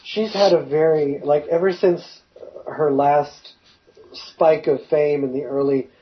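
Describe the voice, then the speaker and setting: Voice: medium pitch, steady tone, measured pace. A co-host in a casual chat, reading notes aloud and adding wry remarks. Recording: dull lo-fi sound.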